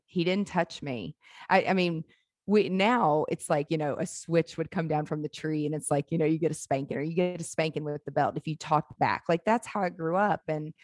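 Low-voiced woman telling candid stories. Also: no room sound, clean studio sound. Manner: candid storytelling, laughing, swears casually. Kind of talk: casual chat.

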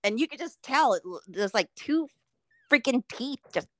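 A middle-aged woman co-hosting a casual podcast, telling a story with constant swearing and lively animation. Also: fairly high pitch, normal speed, no echo. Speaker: podcast co-host.

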